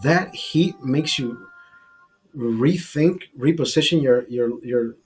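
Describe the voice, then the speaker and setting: A middle-aged man hosting a podcast, telling a profane, animated anecdote in casual chat and acting out the quotes. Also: medium pitch, slow pace, faint music behind. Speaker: podcast host telling a story.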